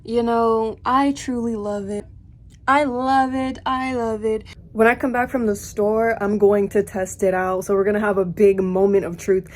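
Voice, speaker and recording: A young woman chatting casually while crafting, talking excitably with lots of filler words into a phone camera at home. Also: on the high side, moderate pace. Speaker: craft vlogger.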